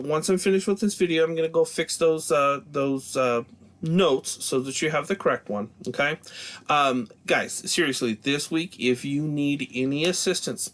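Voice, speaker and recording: A man's voice: on the high side, a bit bright. Man teaching a German grammar lesson. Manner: explains patiently, checks in with frequent "okay?"; says German example words slowly and carefully.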